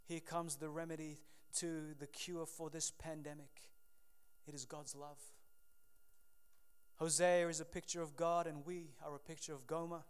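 A man preaches a sermon with fervent, dramatic delivery. His voice sits high and sounds smooth and resonant. He swings from loud appeals to quiet, hushed lines. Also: flat delivery, unhurried. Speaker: pastor.

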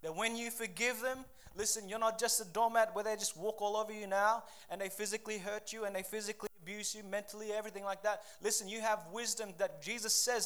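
A man preaches a sermon. He talks to his congregation in a casual way, jumps into quick asides and acts out quotes. His delivery is animated and direct. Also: sits high. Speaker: pastor.

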